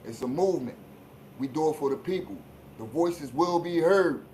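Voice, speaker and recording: A man from hosting a live-streamed sports talk show, ranting bluntly and with plenty of profanity, dropping low for asides and rising into shouts. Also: expressive, moderate pace, a little hiss or hum, low-quality recording. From Philadelphia.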